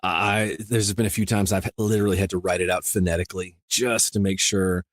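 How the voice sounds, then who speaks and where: A man from rural Iowa with a very low voice talks shop as an interview guest. He rambles easily, circling back with "you know" and restarting thoughts. The sound is close and dry. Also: level tone, brisk, dry recording. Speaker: audiobook narrator, guest. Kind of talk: casual interview chat.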